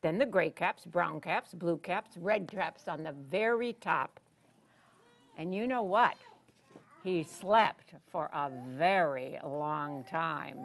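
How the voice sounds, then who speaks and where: A woman telling a picture-book story to children, animated and asking them questions. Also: on the low side, slow. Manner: animated, asks the listeners questions. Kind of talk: read-aloud storytelling for children.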